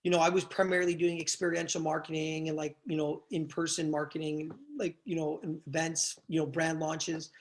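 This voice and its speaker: A man, a guest on a podcast, telling stories in a casual, animated way, with plenty of swearing. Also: fairly high pitch, brisk, hardly any pauses. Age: young adult to middle-aged. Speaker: guest, event promoter.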